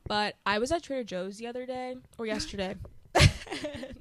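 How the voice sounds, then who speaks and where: A young adult woman co-hosting a podcast, chatting casually and telling animated stories with frequent laughter. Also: on the high side, normal speed, no echo. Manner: animated storytelling, laughing often. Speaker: podcast co-host. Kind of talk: casual chat.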